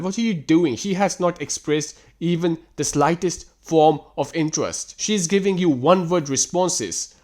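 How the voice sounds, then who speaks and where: A man's voice: on the high side, normal speed, few pauses, darkish tone. A man hosting a reaction commentary, ranting in an exasperated, sarcastic and profane way. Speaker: host reacting to text screenshots.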